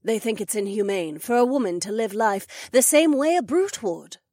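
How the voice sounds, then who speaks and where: Husky she-wolf duchess, a woman reading her, grave and knowing, pitch swinging up and down, dry close sound. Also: lively intonation, dark tone, dry recording. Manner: measured, serious explaining. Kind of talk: audiobook dialogue acting.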